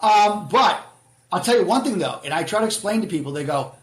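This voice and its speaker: A middle-aged man with a Boston accent speaks bluntly and tells his stories with animation, his voice sitting fairly high for a man. The sound carries a roomy echo around him. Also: lively intonation, a little fast. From Boston area, USA. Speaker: guest author. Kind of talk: casual podcast interview.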